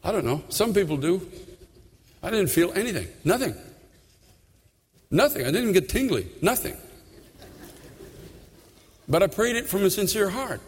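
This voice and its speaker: A man preaching a sermon with his own testimony, fervent and repetitive, dropping to a hush and then building loud. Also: a little high, in a large hall. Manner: fervent, repeats phrases, swings between hushed and loud.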